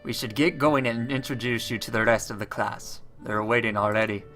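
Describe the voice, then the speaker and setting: A man voicing a brisk, hurried schoolteacher. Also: mid-range voice, fairly even intonation, pushed and bright, faint music behind, close to an everyday voice. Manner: brisk, stumbles over the name. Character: rushed male homeroom science teacher.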